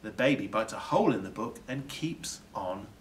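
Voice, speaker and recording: A male teacher reading a children's picture book aloud with expressive storytelling and dramatic drops. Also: lowish voice, normal speed, far from the mic, slight background noise.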